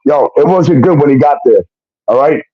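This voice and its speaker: A man's voice: on the high side, expressive, normal speed, breathy edge. A man telling a personal story in a heated, casual way, acting out what others said and swearing often. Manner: heated, swearing, acts out quotes. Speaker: guest telling his story. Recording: dull lo-fi sound.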